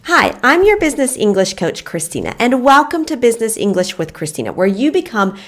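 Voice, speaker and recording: A woman business English coach opening her online lesson with a friendly, energetic intro. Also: on the high side, a little fast.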